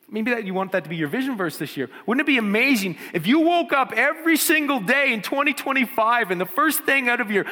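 A man's voice: sits high, sing-song, brisk, sharp tone. A man preaching a sermon as pastor, often repeating words and building to fervent appeals. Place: church. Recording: church hall reverb.

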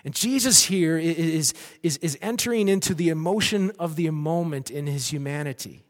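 A man preaching a sermon with animated delivery, acting out cheering crowds. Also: a little high, normal speed, big-room sound.

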